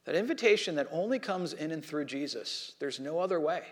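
The pastor's sermon moves fairly quickly as he tells a story, voicing quotes with animated acting and lowering to a soft tone for prayer.

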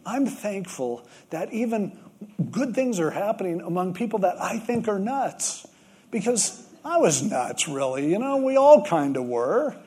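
Storytelling pastor preaching, slightly high voice. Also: male voice, big pitch swings, unhurried, dark tone, slightly rough. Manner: storytelling, acts out quoted voices. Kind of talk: sermon.

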